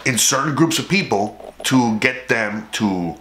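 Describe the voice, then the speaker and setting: A man's voice: medium pitch, animated, unhurried, a bit bright. A man from South Florida, a vlogger, ranting casually to camera in a rambling, profane way and often restarting his sentences. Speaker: YouTube vlogger. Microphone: camera mic. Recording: roomy echo.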